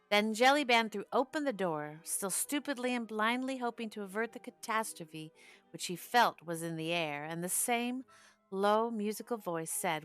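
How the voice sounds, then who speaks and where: Low-voiced woman reading an audiobook. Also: fairly bright tone, no room sound. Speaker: audiobook narrator. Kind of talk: audiobook narration of a classic novel.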